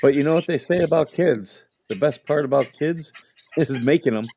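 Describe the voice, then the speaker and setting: A man's voice: on the high side, moderate pace, mellow, slight background noise. A man hosting a livestream, chatting casually and telling funny stories with frequent laughter. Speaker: livestream host. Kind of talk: casual chat and storytelling.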